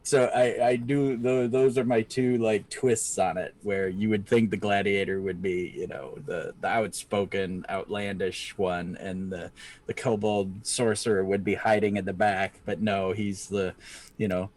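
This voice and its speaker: Playful rambling man, low voice. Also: level tone, unhurried, darkish tone. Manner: rambling and playful, often laughing and acting out little character voices. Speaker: podcast co-host. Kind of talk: casual chat on a live stream.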